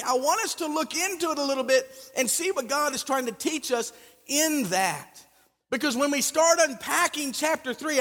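A man preaching a sermon, telling the story in an animated way and building up emphasis. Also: extremely high pitch. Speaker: pastor. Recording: long reverb of a large hall.

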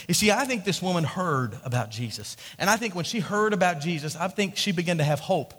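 A man's voice: sits high, animated, a little fast, hardly any pauses, fairly bright tone, slightly rough. A male pastor preaching a sermon in a conversational way, repeating words and asking the congregation questions, in a church. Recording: echoey hall.

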